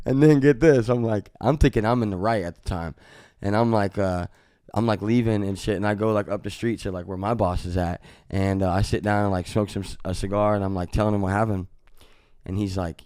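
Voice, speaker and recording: A man from Missouri, a musician guest on a podcast, telling a story in a casual, profane way. He jumps into loud re-enactments of what was said. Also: on the low side, steady tone, brisk, clear, resonant tone, no room sound, studio quality. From Missouri, USA.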